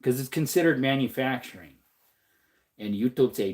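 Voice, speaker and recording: A man hosting a livestream, casually reading out and answering viewer comments with frequent laughs and jokes. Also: moderate pace. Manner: laughs often, jokey, repeats "man" and "allegedly"; puts on a higher voice when quoting people. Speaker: livestream host.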